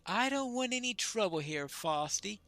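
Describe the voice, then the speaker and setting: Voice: mid-range voice, animated, moderate pace, fairly bright tone, pitched above the performer's own voice. A player voicing a wary innkeeper. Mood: grudging.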